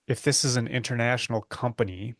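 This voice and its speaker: A man playing a tabletop crime game, who pitches ideas tentatively with many fillers. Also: fairly even intonation, fairly quick, fairly bright tone, no echo, clean studio sound. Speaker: player. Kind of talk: tabletop role-play chat.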